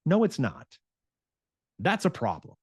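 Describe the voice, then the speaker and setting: A male fitness coach giving a motivational talk, animated and acting out his clients' inner voices, with frequent restarts and filler words. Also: on the high side, a little slow, breathy edge, dry recording, studio quality.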